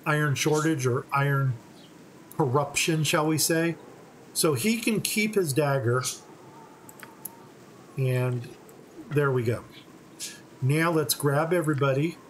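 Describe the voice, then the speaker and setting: Slow, relaxed man explaining gameplay. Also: on the high side, a little hiss or hum, rough recording. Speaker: gaming channel host. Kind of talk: game playthrough commentary.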